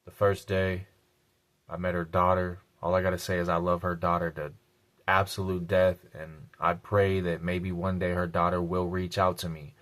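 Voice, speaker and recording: A man's voice: sits low, flat delivery, normal speed, a bit bright. A man telling a personal story on his vlog, blunt and a little profane, repeating key lines for emphasis. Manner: blunt and profane, casual slang.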